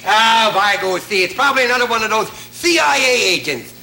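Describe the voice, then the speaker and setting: A man's voice: high voice, lively intonation, a little fast, creaky, bright, forceful tone. A man playing a wacky professor in a 1960s TV comedy sketch, jokey and mugging, with audience laughter. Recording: noisy old TV broadcast recording.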